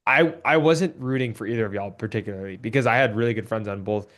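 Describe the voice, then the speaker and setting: A man's voice: lowish voice, fast talker, a bit bright. A young man, a game show contestant, talking frankly in a casual video call chat. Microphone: video call, camera overheating.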